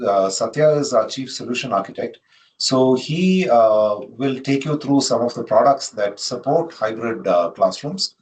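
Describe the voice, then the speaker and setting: A man introducing a webinar as host, speaking slowly with many fillers. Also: medium pitch, a little hiss or hum, poor audio. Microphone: video call.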